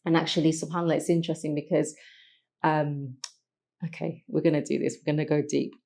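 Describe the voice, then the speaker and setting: Low-voiced woman, reflective. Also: flat delivery, vocal fry, mellow. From London, England. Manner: reflective, halting, with many restarts and pauses. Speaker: podcast guest. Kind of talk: emotional personal storytelling.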